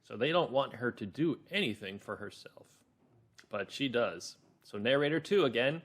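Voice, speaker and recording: A man teaching a children's reading lesson, reading story lines aloud with big expression. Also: medium pitch. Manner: slow, expressive, reads lines dramatically. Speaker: teacher leading reader's theater.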